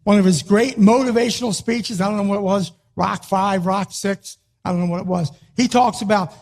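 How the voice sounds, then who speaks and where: A man delivers a rousing motivational talk, his voice pitched high for a man. He hammers short phrases again and again like a wrestling coach pushing his team. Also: fairly even intonation, moderate pace, few pauses, a little mellow. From Philadelphia, US. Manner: emphatic, punchy, repeats short phrases. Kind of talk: motivational speech.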